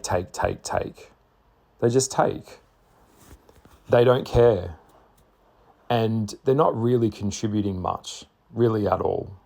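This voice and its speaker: Blunt, swearing man, low voice. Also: darkish tone. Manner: blunt and emphatic, swears freely; slow, deliberate phrasing with repeated words. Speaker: spiritual vlogger. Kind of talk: casual monologue to camera.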